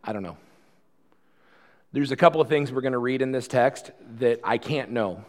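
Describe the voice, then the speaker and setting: A man preaching a sermon in a conversational style, swinging from loud, fast passages to quiet, slow ones. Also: medium pitch. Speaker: pastor.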